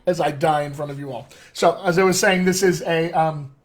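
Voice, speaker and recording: An American man with a fairly high speaking voice runs a relaxed live-stream lesson as a dialect coach. He chats loosely, greets viewers by name and fills his sentences with ums and uhs, and he sounds like he is talking into a computer mic. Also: normal speed, a little hiss or hum. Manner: chatty and filler-heavy, greets viewers by name. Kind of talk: casual live-stream teaching.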